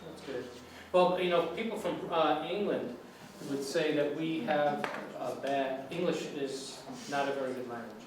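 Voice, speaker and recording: A man's voice: fairly high pitch, measured pace, few pauses. A man from the United States teaching English, talking with his class and asking questions. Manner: conversational, asks students questions. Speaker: English lecturer. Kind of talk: classroom discussion. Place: lecture room. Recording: echoey classroom from far off, faint noise.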